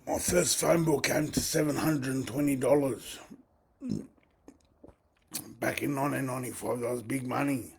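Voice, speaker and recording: A man's voice: medium pitch, fairly even intonation, moderate pace, vocal fry, pauses often, darkish tone, a little hiss or hum. A man in his forties talking through a rambling live monologue, repeating his phrases and circling back to them. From Australia. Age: 40s. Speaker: livestream host.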